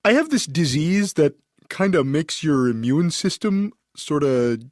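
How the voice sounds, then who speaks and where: A man's voice: a little high, sing-song, unhurried, a little mellow, no room sound, studio quality. An actor voicing a sheepish young man in a cartoon, talking hesitantly and awkwardly.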